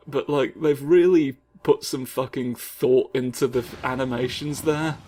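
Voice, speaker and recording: A man's voice: fairly high pitch, steady tone, unhurried, few pauses, darkish tone. A man giving rambling, playful comedic commentary over a fighting game, full of absurd asides.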